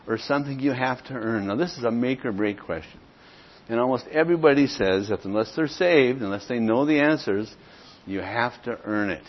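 A man's voice: medium pitch, breathy edge, dull audio. A man teaching a church class on sharing the gospel, plainspoken and acting out both sides of sample conversations. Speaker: church evangelism trainer.

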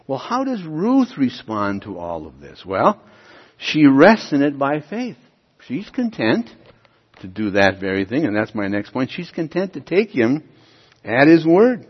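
A man's voice: mid-range voice, husky. Male pastor preaching in a reverberant hall. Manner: emphatic, rising to loud peaks, addressing the congregation with questions. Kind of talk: sermon. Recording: dull recording with long hall reverb.

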